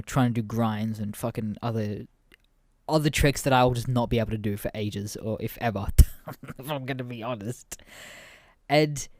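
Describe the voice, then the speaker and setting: A man's voice: mid-range voice, a little mellow, no echo, studio quality. A man in his twenties hosting a podcast, telling stories in a casual, rambling way, swearing freely and laughing often. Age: 20s. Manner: profane, laughs often, rambling with many fillers. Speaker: podcast host.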